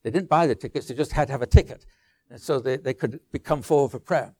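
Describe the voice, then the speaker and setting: An older man preaching a sermon, telling a story with asides and restarts, sometimes dropping to a soft low voice. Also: quick pace, dry recording. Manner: anecdotal, with asides and restarts, drops to a soft low voice on quiet lines.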